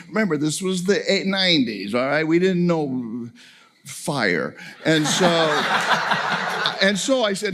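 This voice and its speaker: A man's voice: on the high side, lively intonation, slow pace, a bit bright. A middle-aged man speaking as a family camp speaker, telling a story to an audience, laughing and acting out dialogue.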